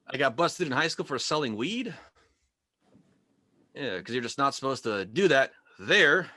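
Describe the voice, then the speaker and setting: A man performing stand-up over a video call, his bright, slightly high voice leaping up and down as he spins wry stories toward each punchline. The sound is close and dry, with no room around it. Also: big pitch swings, measured pace, no room sound. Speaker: stand-up comedian. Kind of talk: stand-up set. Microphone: video call microphone.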